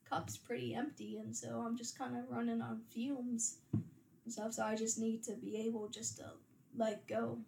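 A woman's voice: fairly high pitch, little pitch movement, normal speed, gravelly, roomy sound, background noise. A woman in her thirties chatting candidly about motherhood, her voice raw and on the verge of tears, swearing freely and trailing off her sentences. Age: 30s. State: voice raw from holding back tears. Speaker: podcast guest, mother of young girls. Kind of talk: casual chat.

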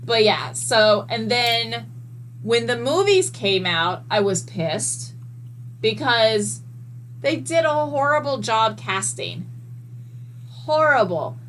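A woman guest in a casual podcast chat, telling stories in an animated way and swearing freely. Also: a little high, slow, slight background noise, low-quality recording. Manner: animated, profane storyteller.

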